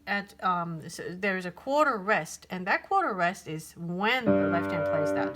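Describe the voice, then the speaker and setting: A woman talks through a piano lesson at an unhurried pace, her voice swinging up and down as she counts and hesitates. Loud piano plays behind her. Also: fairly low pitch, lively intonation. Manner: patient, counts beats and sings rhythms aloud; hesitant, many ums and restarts. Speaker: piano teacher. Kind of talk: piano tutorial. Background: piano playing.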